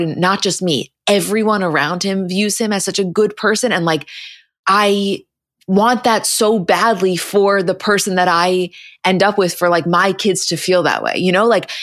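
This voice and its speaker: A woman co-hosting a podcast, chatting casually and rambling quickly as she retells scenes. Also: on the low side, no room sound, clean studio sound. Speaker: podcast co-host. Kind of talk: casual recap chat.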